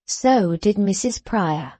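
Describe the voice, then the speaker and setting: A woman's voice: mid-range voice, expressive, takes it slowly, dark tone, no room sound. Woman narrating a classic novel. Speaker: audiobook narrator. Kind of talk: scripted narration.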